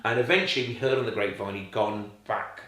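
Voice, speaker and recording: A man, a foster parent telling stories in casual, animated chat and acting out the voices of the people in them. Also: lowish voice, fast talker. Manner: animated, acts out quoted voices. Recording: very echoey room.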